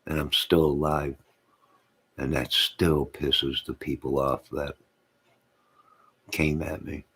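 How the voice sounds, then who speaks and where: A man's voice: very deep voice, little pitch movement, slow, fairly bright tone, husky. A man hosting his own channel, rambling to his live chat, reading out comments and laughing to himself. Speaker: channel host.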